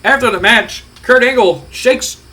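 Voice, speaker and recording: A high-pitched man with a bright, forward voice talks through a wrestling simulation game. He rambles casually and swears freely as he recaps each match. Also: measured pace, low-quality recording. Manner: rambling, profane, conversational. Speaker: let's play host.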